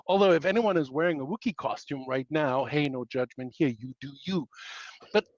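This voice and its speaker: A man's voice: on the high side, a little fast, no room sound, muffled recording. A man presenting a webinar in a playful way, packed with pop-culture analogies and self-mocking asides.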